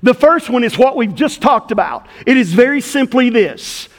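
A man's voice: very high voice, lively intonation, normal speed, big-room sound. A middle-aged man pastoring a church, giving a folksy, conversational sermon with stories.

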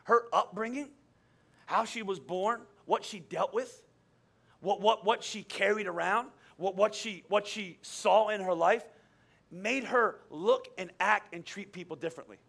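A man's voice: high voice, a little slow, creaky, a bit bright. A man in his forties from Pennsylvania, a pastor preaching a sermon in a nasal voice, telling stories and stumbling over repeated words. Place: church service.

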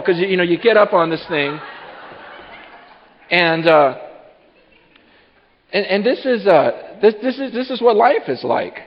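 A man in his thirties preaching a sermon, halting and repeating words, telling stories with lively acted-out asides. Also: high-pitched. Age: 30s. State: short on sleep. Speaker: pastor. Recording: dull sound with long hall reverb.

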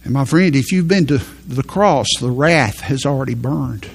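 A man preaching a sermon in an earnest way, slowing down to stress each verse of scripture. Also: mid-range voice, creaky, slightly rough. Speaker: pastor.

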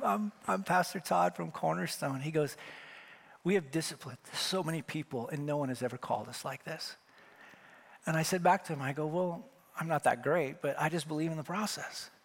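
A man's voice: on the high side, normal speed, vocal fry, fairly bright tone. A middle-aged male pastor from Wyoming preaching a sermon, telling a story and acting out the dialogue with rising emphasis.

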